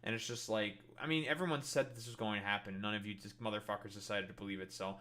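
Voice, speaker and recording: A man's voice: lowish voice, steady tone, fast, fairly bright tone. A man streaming and ranting in casual reaction commentary, swearing and mocking other people's voices.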